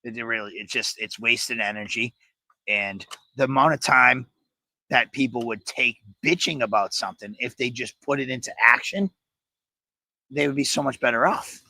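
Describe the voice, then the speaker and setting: A man with a gravelly, bright edge to his voice recounts stories in a relaxed, profane way. He talks in a casual chat style, often reflective. The sound is close and dry. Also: mid-range voice, moderate pace, dry recording. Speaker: podcast co-host.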